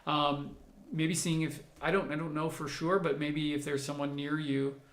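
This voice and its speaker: Speaking at normal speed in a slightly high, fairly bright voice with a flat delivery, a male doctor hosts a livestream Q&A from an echoey room. He reads viewer comments aloud and answers them conversationally, explaining and thinking aloud.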